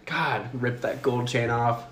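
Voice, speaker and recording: A man's voice: mid-range voice, takes it slowly, a bit bright, roomy sound. A young man co-hosting a podcast, chatting casually, joking and laughing as he tells stories. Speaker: podcast co-host. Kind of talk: casual chat.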